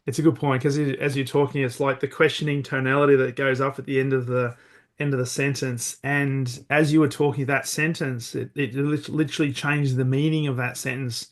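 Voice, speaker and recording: A man's voice: mid-range voice, flat delivery, a little fast. A man hosting a podcast interview, responding thoughtfully and asking long questions with frequent restarts. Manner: thoughtful, supportive, restarts often. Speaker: podcast host.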